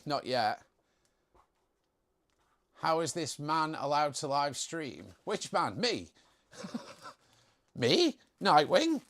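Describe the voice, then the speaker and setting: A young man hosting a casual live stream, chatting in a jokey way and reading out viewer comments. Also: on the high side.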